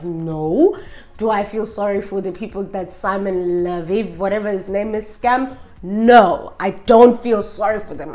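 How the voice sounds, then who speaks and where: A woman's voice: medium pitch, darkish tone. Woman vlogger, sassy and emphatic, rhetorical questions, faint music underneath. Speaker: vlogger reviewing documentaries. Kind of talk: opinionated casual review.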